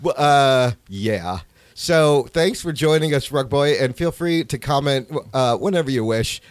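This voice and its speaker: Lively, upbeat man hosting a podcast. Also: medium pitch, measured pace, no room sound. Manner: upbeat, playful, laughs often. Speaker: podcast co-host. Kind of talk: casual podcast chat.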